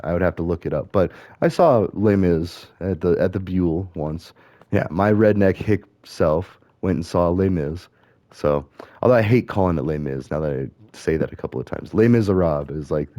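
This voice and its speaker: A man's voice: sits low, dark tone, no echo, studio quality. A middle-aged man talking in rambling, casual commentary as he plays a game, musing aloud and correcting himself as he goes. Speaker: gaming streamer.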